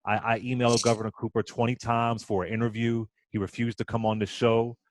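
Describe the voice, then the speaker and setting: Halting emotional talk-radio host, a man. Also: mid-range voice, level tone, slight background noise.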